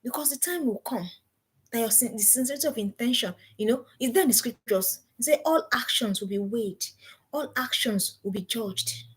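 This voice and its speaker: Middle-aged female parenting coach, breathy and a touch high, insistent and repetitive in delivery. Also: normal speed. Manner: emphatic, repeats key phrases as commands. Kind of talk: motivational seminar talk.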